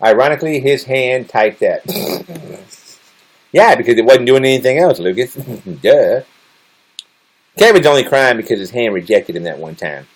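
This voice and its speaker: A man's voice: medium pitch, expressive, moderate pace, long pauses. A man chatting casually with viewers on a livestream, teasing and joking crudely as he reads their comments. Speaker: live streamer.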